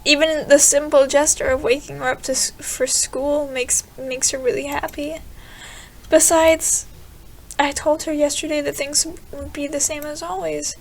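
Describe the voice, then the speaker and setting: A woman's voice: sits high, little pitch movement, a little slow, gravelly, a little mellow, a little hiss or hum. A young woman gaming creator reading a visual novel aloud, trailing off and restarting her sentences. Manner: reads game text aloud, trailing off and restarting.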